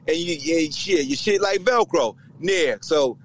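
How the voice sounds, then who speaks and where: A man's voice: high-pitched, unhurried, gravelly. A middle-aged man from Virginia hosting a casual sports podcast, talking in slang, joking and mimicking other people. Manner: animated, slangy, jokes and voices people. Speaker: podcast host, former player.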